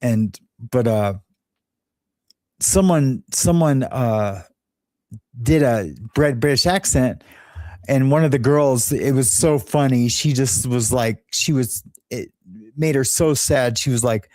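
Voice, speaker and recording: A man's voice: medium pitch, a little slow, darkish tone, no echo, studio quality. A man from Los Angeles hosting a show, telling a rambling, candid story in a casual monologue and laughing at his own jokes. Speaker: show host.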